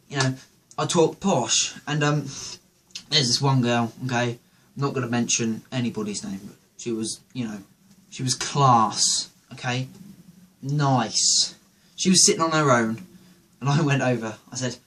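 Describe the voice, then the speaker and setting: A man's voice: mid-range voice, moderate pace, a bit bright. A man hosting a show, telling a rambling, jokey comedic monologue. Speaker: host.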